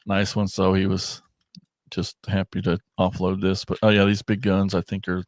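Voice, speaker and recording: A man hosting a podcast in casual chat, rambling and excitable, often trailing off and starting over. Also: sits low, normal speed, no echo, studio quality. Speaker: podcast host.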